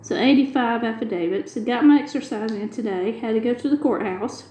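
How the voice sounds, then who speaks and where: A woman's voice: fairly high pitch, fairly quick, warm tone, reverberant, a little hiss or hum, poor audio. A middle-aged woman, chatting casually and retelling a long everyday story with quoted dialogue. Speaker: craft video host. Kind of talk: casual chat while diamond painting.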